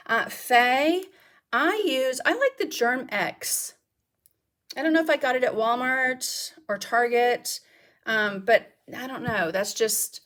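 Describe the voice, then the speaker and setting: A craft instructor with a fairly high, slightly bright voice chats casually during a live demonstration. She shows mixed media art techniques and answers viewers' questions.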